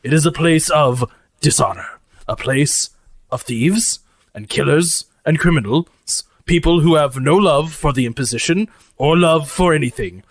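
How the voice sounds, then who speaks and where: A man's voice: a little high, measured pace, no echo. A man voicing a proud, formal robot chef who is fiercely devoted to honor and easily offended. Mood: indignant. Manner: formal, dramatic, easily wounded.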